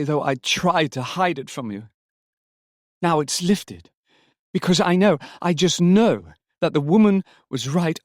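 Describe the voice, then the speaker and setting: A man's voice: on the high side, dry recording, clean studio sound, pitched above the performer's own voice, natural voice. A man voicing a grieving young wife who is now overjoyed and urgent, speaking breathlessly and with emphasis. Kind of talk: audiobook character reading.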